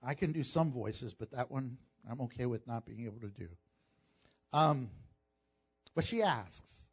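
A man preaching a sermon as pastor, animated and jokey, acting out the voices of people in the story. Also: on the high side, lo-fi sound.

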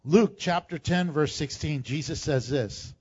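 A man pastor preaching a sermon, reading scripture aloud in an animated way. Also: fairly high pitch, unhurried, breathy edge, dull audio.

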